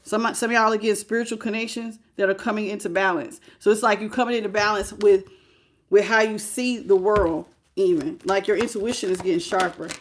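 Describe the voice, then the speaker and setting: A woman's voice: medium pitch, fairly even intonation, fairly quick. A woman giving a livestream tarot reading, talking casually and greeting viewers in the chat. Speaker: tarot reader.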